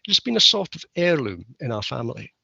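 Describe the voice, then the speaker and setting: A gracious young royal prince speaks in whispered role-play, hushed and unvoiced, as a man puts him on. The voice stays bright and edgy under the breath. The sound is dry and a little muffled. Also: mid-range voice, big pitch swings, fast, gravelly, husky, dry recording, exaggerated voice. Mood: confiding.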